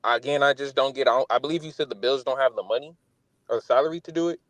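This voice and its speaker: A man's voice: mid-range voice, fast talker, a bit bright, dry recording. A man calls in to a sports talk show, friendly and teasing. The sound is dry. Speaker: caller. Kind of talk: call-in chat.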